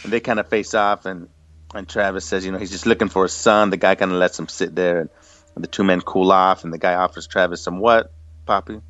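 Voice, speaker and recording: A man hosting a casual podcast, summarizing a TV episode in a relaxed way with frequent laughs. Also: deep voice, brisk, no echo, dull audio. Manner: relaxed, laughs often, many fillers. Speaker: podcast host. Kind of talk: casual recap chat.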